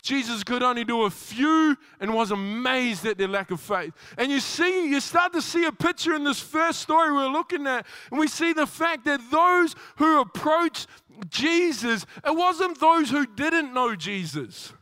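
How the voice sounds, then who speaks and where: A man preaching a sermon, animated, acting out quoted dialogue and often restarting his sentences. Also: very high-pitched, measured pace, no echo, studio quality.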